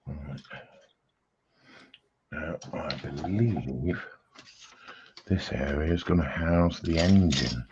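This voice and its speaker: A man's voice: extremely low pitch, slow, pauses often, highs cut off, background noise. A British man streaming a casual chat while building a model, laid-back and jokey.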